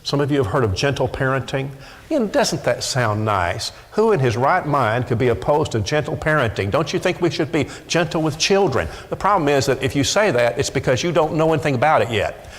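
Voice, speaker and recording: A man's voice: medium pitch, sing-song, a little fast. A middle-aged man preaching a sermon emphatically, often repeating words as he presses a point. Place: church sanctuary. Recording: echoey church hall.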